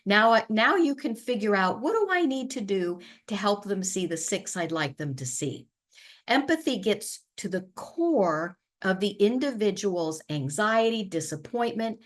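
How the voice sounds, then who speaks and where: A middle-aged woman leading a webinar for caregivers, explaining patiently and acting out calm, soothing sample replies. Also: medium pitch. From USA. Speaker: webinar facilitator and family therapist. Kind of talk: educational webinar presentation.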